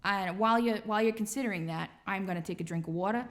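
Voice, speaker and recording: A woman's voice: medium pitch, fast. A woman streamer chatting casually between songs, playful and rambling as she muses aloud. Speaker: streamer and singer.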